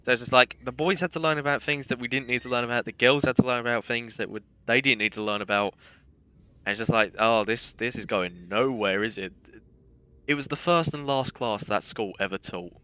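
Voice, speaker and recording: Bright-voiced chatty streamer. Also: male voice, mid-range voice, fast talker, clear, resonant tone, dry recording. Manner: chatty, rambling anecdotes with self-deprecating humour. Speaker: game streamer. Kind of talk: casual gameplay commentary and storytelling.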